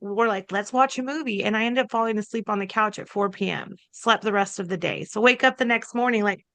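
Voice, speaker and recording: Woman podcast cohost, chatty storyteller, animated, middle pitch, dry close sound. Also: brisk, creaky, no room sound. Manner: chatty and animated, quotes herself and others in lively voices. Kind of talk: casual conversational storytelling.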